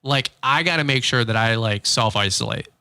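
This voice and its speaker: A man co-hosts a relaxed business podcast, talking in a rambling, joking way and laughing often. His voice is bright and forceful, and the sound is dry and close. His pitch sits in the middle range. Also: moderate pace, clear, resonant tone, no room sound. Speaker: podcast co-host. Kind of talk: casual business chat.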